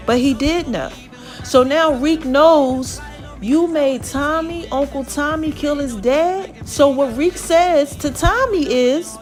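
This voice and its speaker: High-voiced chatty woman recapping a show. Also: slow, soft background music. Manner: chatty, animated, acts out the characters' lines. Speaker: podcast host. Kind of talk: casual TV episode recap.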